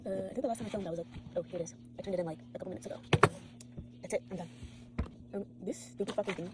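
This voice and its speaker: A teenage girl vlogs from home after pulling an all-nighter, her mid-range voice racing along very fast. She's tired, swears, and rambles from one topic to the next in this late-night vlog.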